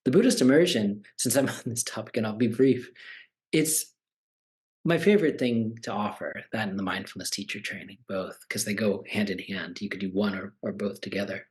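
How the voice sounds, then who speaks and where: A man's voice: fairly low pitch, normal speed, a little mellow. A man in his forties, a meditation teacher, talking casually and animatedly, acting out the voices of people he quotes. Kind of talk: conversational talk.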